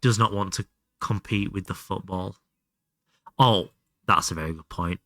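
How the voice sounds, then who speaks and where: A man's voice: sits low, unhurried, fairly bright tone, no room sound, clean studio sound. A young man chatting casually and thinking aloud while streaming a game, swearing freely. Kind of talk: casual live gameplay commentary.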